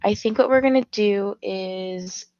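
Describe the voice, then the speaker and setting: A woman's voice: mid-range voice, a little slow, darkish tone, no room sound, lo-fi sound. A tired woman who just woke up, hosting a casual reading livestream with her morning voice, rambling with many fillers. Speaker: reading stream host.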